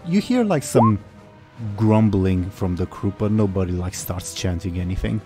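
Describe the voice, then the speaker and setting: A man's voice: deep voice, animated, normal speed, dark tone, faint music behind. A man narrating as game master of a tabletop game, casual and full of fillers. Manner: casual, with many fillers and laughs.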